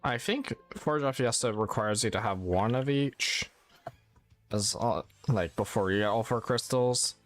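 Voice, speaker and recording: A man's voice: medium pitch, unhurried, faint music behind. A man streaming a game, chatting casually and rambling, often correcting his own words. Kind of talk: casual gameplay chat.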